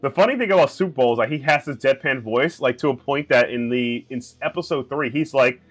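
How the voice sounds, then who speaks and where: A man's voice: medium pitch, animated, fast talker, few pauses, soft background music. A man casually commenting on a video game he is playing, with chatty, joking asides. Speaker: let's play host.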